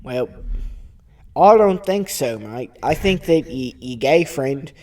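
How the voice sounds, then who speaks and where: A man's voice: mid-range voice, lively intonation, slow pace, warm tone, voice pushed down. A man voicing an irate, preachy male Australian critic of the show, with a put-on Australian accent that slips into English and a habit of scolding. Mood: indignant. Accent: put-on Australian, slipping into English. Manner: indignant scolding, repeats "mate". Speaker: podcast co-host.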